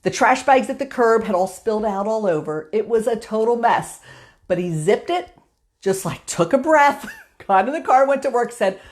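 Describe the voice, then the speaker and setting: A woman's voice: on the high side, lively intonation, normal speed. A woman hosting a motivational live stream, telling a story in a chatty way with filler words. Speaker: host.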